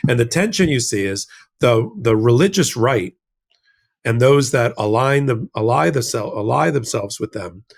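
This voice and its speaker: A man's voice: mid-range voice, animated, measured pace, creaky. An American man co-hosting a legal discussion show, explaining in a casual, emphatic way with rhetorical asides. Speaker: legal commentator, co-host.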